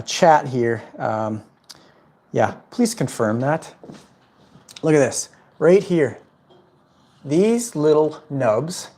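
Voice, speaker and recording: A man's voice: mid-range voice, darkish tone. Chatty man talking plants. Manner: chatty, rambling, lots of "um" and "like". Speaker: plant livestream host. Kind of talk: casual livestream chat answering viewer questions. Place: at home indoors.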